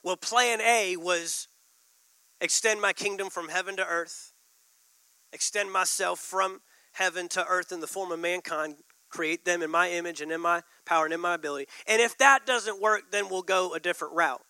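A man's voice: high-pitched, moderate pace, pushed and bright, clean tone, no echo, low-quality recording. A man preaching a sermon, building emphasis and repeating key lines. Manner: preaching with rising emphasis and repetition. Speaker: pastor.

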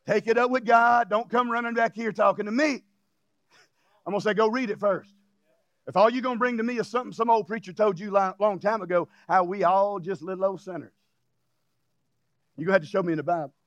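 High-voiced, gravelly preacher man. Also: steady tone, fast talker, no echo, highs cut off. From Louisiana. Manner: emphatic preaching, bursts of shouting, jokey asides and chuckles. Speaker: pastor. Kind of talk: sermon.

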